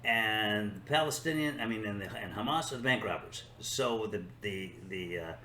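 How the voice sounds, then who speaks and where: A man's voice: fairly low pitch, normal speed, bright, forceful tone, reverberant, a little hiss or hum. An older man hosting his own show, talking in a sarcastic, rambling monologue that sometimes turns into talking to himself. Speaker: show host. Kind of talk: opinion monologue.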